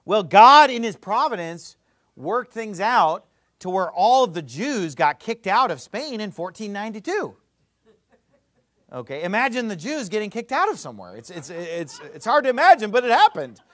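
A man's voice: sits high, very animated, normal speed, a bit bright, dry recording. A man giving a classroom-style lecture as a Bible teacher, explaining step by step with joking asides.

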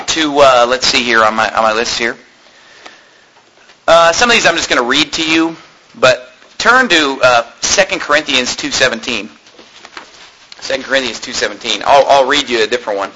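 An American man preaching a sermon, animated and mocking, swinging between loud points and low asides. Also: slight background noise, low-quality recording. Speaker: pastor.

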